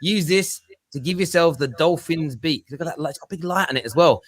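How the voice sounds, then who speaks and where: A man's voice: on the high side, fairly quick. A young adult man with a Cockney accent hosting a casual football podcast, laughing often and repeating words. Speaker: host.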